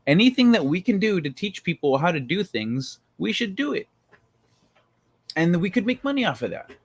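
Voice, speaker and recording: A man's voice: high-pitched, very animated, normal speed, slightly rough. A man hosting a casual livestream, chatting loosely with viewers and swearing freely. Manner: loose, profane, joking with chat. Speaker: livestream host. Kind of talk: casual livestream chat reading viewer comments.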